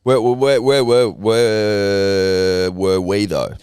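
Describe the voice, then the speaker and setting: Australian man, lowish voice, dry studio sound, sweary rants, laid-back banter. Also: steady tone, slow pace, a little mellow, clean tone, no echo. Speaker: podcast co-host. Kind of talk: casual chat.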